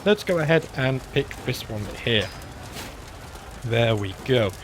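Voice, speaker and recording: Relaxed British man musing through a strategy game. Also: medium pitch, unhurried, background noise. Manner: relaxed, musing, frequent "uh" fillers. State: slightly under the weather, clearing throat. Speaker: gaming channel host. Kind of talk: casual let's-play commentary.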